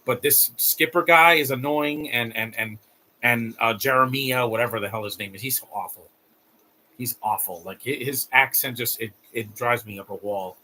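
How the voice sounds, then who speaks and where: Male streamer, bright tense voice, blunt grumbling off-the-cuff commentary with restarts. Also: medium pitch, moderate pace, slight background noise. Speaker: live streamer. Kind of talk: casual live-stream commentary.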